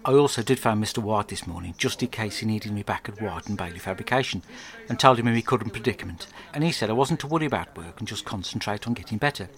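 Crude deadpan English man rambling. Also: fairly low pitch, fast. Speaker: podcast host. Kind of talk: comic diary monologue.

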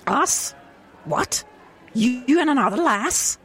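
A man's voice: very high voice, very animated, slow pace, voice pushed up, exaggerated voice. A man voicing a fed-up Scottish wife nagging her husband over the phone in a put-on Scottish accent. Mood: scolding. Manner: scolding, sharp.

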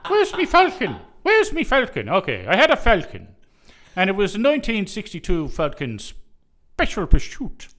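A man's voice: a bit bright, full character voice. A man putting on a playful Irish accent as a jovial stage Irishman. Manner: hammy, playful, high-pitched. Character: jovial stage Irishman, middle-aged male.

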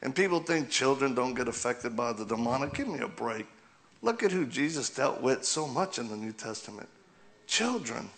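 A man's voice: mid-range voice, lively intonation, moderate pace, fairly bright tone. A man preaching a humorous sermon in a church, telling stories, asking the crowd questions and laughing often. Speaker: guest preacher. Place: church sanctuary.

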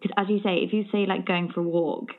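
A woman's voice: on the low side, steady tone, quick pace, phone-quality sound. A woman hosting a podcast who asks questions and reflects thoughtfully on her guest's answers. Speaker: podcast host. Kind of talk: podcast interview.

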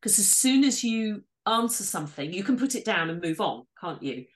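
A woman's voice: medium pitch, big pitch swings, normal speed. A woman, a storyteller and author, talking thoughtfully and with enthusiasm in an interview. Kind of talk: interview conversation.

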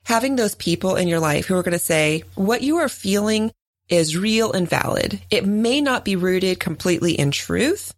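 A woman in her forties co-hosting a podcast, telling a story in casual chat and jumping up in pitch when she quotes other people. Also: moderate pace, no echo, clean studio sound. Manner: animated storytelling, jumps high when voicing others. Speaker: podcast co-host.

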